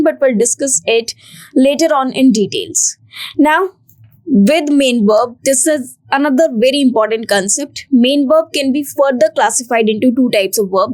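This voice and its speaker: A woman's voice: high voice, a little mellow. A woman teacher explaining grammar step by step, repeating each key point for students. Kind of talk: grammar lesson for exam students.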